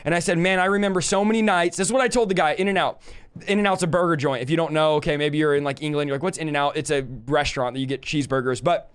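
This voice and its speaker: A young man hosts a ministry talk show with fervent storytelling and quick asides. His voice sits high and comes through smooth and clear. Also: steady tone. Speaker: host.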